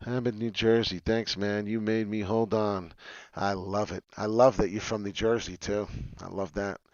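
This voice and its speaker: A man hosting a casual crypto livestream, talking in an excitable, rambling way with frequent swearing. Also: fairly low pitch, measured pace, no room sound, highs cut off. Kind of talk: casual live chart talk.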